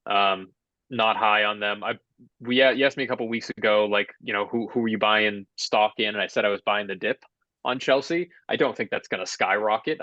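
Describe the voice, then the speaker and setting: A man with a fairly low voice talks through soccer predictions in a measured, analytical way. His audio sounds dry and a little dull, as if close to a modest mic. It is casual podcast banter between co-hosts. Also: sharp tone, no echo. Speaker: podcast co-host. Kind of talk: casual sports chat.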